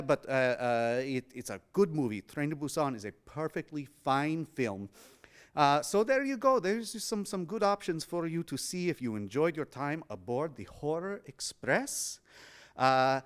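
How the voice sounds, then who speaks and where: A man's voice: on the high side, smooth. A man hosting a horror movie screening in a cinema, talking on a lavalier mic in a playful, punny way with many fillers. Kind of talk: live post-screening chat. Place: cinema auditorium.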